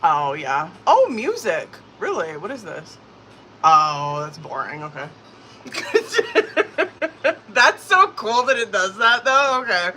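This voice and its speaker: A woman's voice: medium pitch, very animated, unhurried, bright, forceful tone, a little hiss or hum, low-quality recording. A woman hosting a live tarot stream, chatting casually, swearing freely and laughing often. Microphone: phone or tablet.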